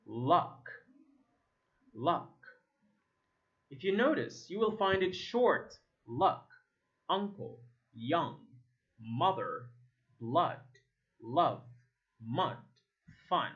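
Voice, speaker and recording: Egyptian guy teaching english vowels, arabic native, super slow, bouncy pitch, kinda muffled recording. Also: big pitch swings, a bit bright. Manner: stretches and repeats single words for contrast. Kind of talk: slow drilling of vowel sounds, repeat-after-me. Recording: slightly dull lo-fi sound.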